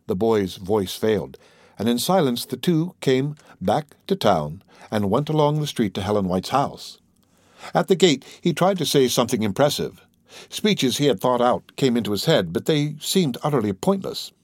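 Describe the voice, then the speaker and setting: A man narrating a classic literary story in a measured, expressive reading. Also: mid-range voice, dry recording, studio quality. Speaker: audiobook narrator.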